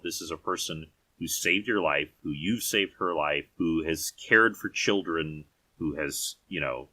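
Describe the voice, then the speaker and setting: A man's voice: deep voice, sharp tone, no room sound. A man narrating as game master of a tabletop game, descriptive, with frequent fillers and restarts.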